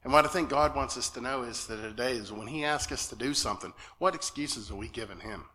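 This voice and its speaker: Male lay preacher, nervous and earnest, bright tense tone, halting delivery with frequent check-ins. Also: mid-range voice. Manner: earnest and halting, often asks "okay?". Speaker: lay speaker at church. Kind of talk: sermon. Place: church sanctuary.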